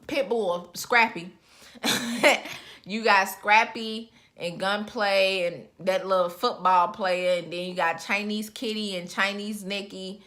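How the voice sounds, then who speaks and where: A young woman casually recapping a reality show episode, animated and slangy, acting out quotes as she tells the story. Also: mid-range voice. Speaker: reality TV reviewer.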